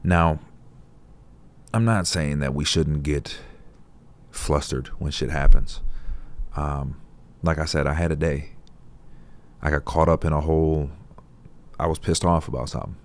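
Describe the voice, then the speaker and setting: A man with an exceptionally deep voice talks to camera in a relaxed, reflective vlog. He speaks conversationally and swears freely as he shares his perspective. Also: a little slow, long pauses. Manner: laid-back, profane, conversational. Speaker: vlogger. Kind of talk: casual reflective talk to camera.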